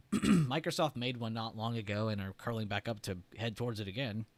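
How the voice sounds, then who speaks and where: Chatty man clearing his throat. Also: on the low side, moderate pace. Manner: loose and chatty, heavy on "like" and "right?". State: throat irritated, choking up. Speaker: trading stream host. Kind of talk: casual livestream explanation.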